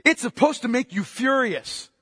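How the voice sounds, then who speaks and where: High-voiced impassioned male preacher. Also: expressive, moderate pace, slightly rough, dry recording, studio quality, in a large hall. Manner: impassioned, rhetorical questions, swings from loud to hushed. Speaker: pastor. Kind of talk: sermon.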